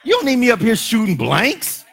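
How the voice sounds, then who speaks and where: Middle-aged preacher man, aave, high bright voice, goes from quiet to shouting and half singing. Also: huge pitch swings, normal speed, creaky, husky. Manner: impassioned preaching, shifting from hushed to shouting. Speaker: pastor. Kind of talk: sermon.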